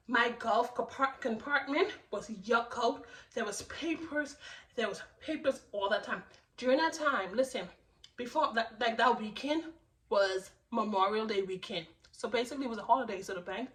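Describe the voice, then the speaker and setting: A young woman vlogger telling a storytime, animated and laughing, with lots of restarts. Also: on the high side, moderate pace, far from the mic, poor audio. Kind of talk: storytime narration.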